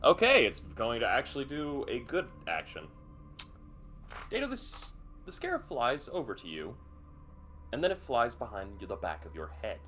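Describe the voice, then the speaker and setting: A man narrating a tabletop game as game master, vivid and expressive, with some swearing. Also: mid-range voice, normal speed, a little hiss or hum.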